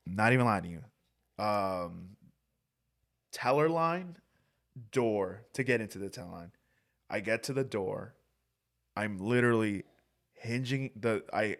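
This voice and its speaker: A young man hosting a podcast, telling rambling stories in casual chat and swearing a lot. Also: lowish voice. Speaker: podcast host.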